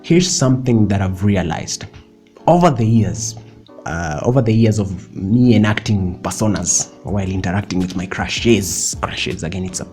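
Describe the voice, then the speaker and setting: A man's voice: on the low side, lively intonation, a little slow, a little mellow, soft background music. A young man giving chatty, playful motivational advice in a casual vlog, laughing often and dropping in slang. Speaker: vlogger.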